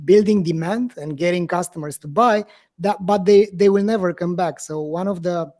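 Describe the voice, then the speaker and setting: A man's voice: high-pitched, normal speed, darkish tone. A man from Romania, hosting an interview and talking conversationally, hesitating often with fillers. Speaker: host.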